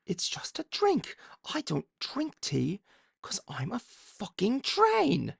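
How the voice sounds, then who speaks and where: Brief: man putting on demonic little tank engine, mock-British, shrill and drawled, gravelly edge. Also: huge pitch swings, takes it slowly, a bit bright, no echo, clean studio sound, heavily acted. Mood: mock sinister. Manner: mock British voice, gleeful and profane. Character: menacing soul-eating male tank engine.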